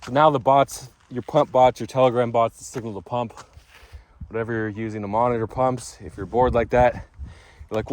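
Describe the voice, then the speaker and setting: A man's voice: mid-range voice, steady tone, normal speed, darkish tone, slight background noise. A man vlogging outdoors in a casual, rambling way, full of restarts and asides. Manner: chatty, rambling with restarts and fillers.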